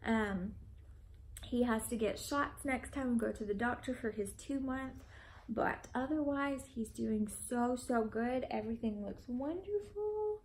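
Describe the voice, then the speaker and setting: A woman's voice: a little high, measured pace, a little mellow, slight background noise, low-quality recording. A woman vlogging a casual update to her viewers, gushing and affectionate, with frequent ums. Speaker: vlogger and mother of a newborn.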